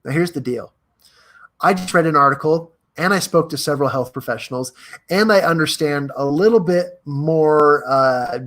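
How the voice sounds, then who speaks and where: A young man with a slightly high voice hosts a live stream, energetic and chatty. He reads viewers' comments aloud and hands out motivational advice.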